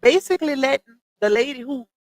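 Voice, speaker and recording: A woman with a slightly high voice and runs a casual livestream, talking bluntly and with exasperated, gossipy commentary. She is recorded close up on a dry mic. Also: expressive, a little fast, no room sound, low-quality recording. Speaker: livestream host.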